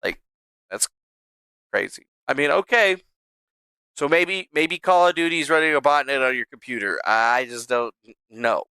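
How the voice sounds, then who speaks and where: Give me a man chatting loosely on a home livestream, swearing and joking in a bright, dry voice. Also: medium pitch, expressive, normal speed, pauses often, smooth, no echo. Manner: rambling, profane, joking. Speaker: livestream host. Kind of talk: casual livestream chat. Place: home streaming setup.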